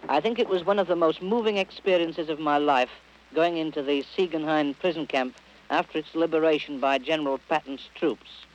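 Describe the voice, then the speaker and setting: A man with a fairly high voice tells his report in an earnest, heartfelt way. The sound is dull and muffled, as on an archival radio recording. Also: normal speed, a little hiss or hum. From England. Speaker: war correspondent.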